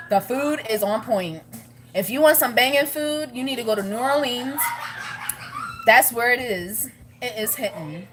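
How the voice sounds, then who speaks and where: A woman with a slightly high voice chats to camera for her family vlog. She rambles from one thought to the next and laughs often. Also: fairly bright tone, a little hiss or hum. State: pregnant, with morning sickness. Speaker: family vlogger. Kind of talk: casual chat to camera.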